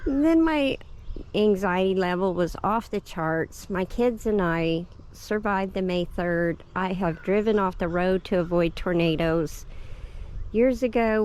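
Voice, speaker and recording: A woman's voice: medium pitch, a little mellow. A middle-aged woman, telling a story in a casual, chatty vlog, laughing often and getting emotional. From Oklahoma. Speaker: homestead vlogger. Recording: dull lo-fi with faint background noise.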